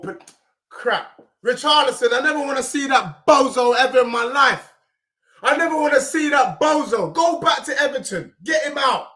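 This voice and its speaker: Hoarse young man, high and sharp-toned, shouting football rants. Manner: ranting, often shouting. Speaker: fan channel host. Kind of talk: ranting football reaction.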